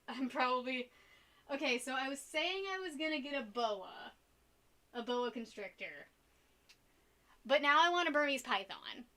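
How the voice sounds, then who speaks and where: Painting on a live stream, a young art streamer talks casually, giggling and rambling from one topic to the next. Her voice sits high and sounds bright and forceful.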